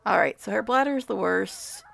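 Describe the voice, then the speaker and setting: A woman's voice: mid-range voice, lively intonation, a little fast, vocal fry, fairly bright tone. A woman giving casual gameplay commentary, chatty, talking to the game characters, swearing and laughing often. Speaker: gamer vlogger.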